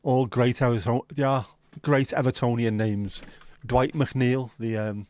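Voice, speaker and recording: A man's voice: medium pitch, level tone, unhurried, a little mellow. A man hosting a livestream, chatting casually with his viewers in banter full of swearing. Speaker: livestream host. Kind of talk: casual chat with live viewers.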